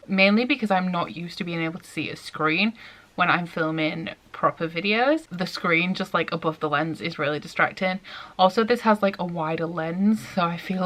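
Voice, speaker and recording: A young woman chatting excitedly in a casual reading vlog, full of "like" fillers. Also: on the low side. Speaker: book vlogger.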